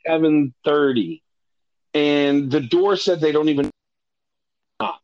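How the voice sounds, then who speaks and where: A man's voice: fairly high pitch, slow, highs cut off. A man casually telling a personal story, correcting himself often and swearing freely. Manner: profane, self-correcting, animated when retelling dialogue. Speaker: storyteller recounting a personal ordeal.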